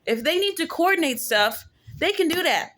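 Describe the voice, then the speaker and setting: A woman's voice: very high voice, big pitch swings, normal speed, fairly bright tone. A woman giving a casual commentary rant on her own channel, emphatic and slangy, repeating phrases for effect.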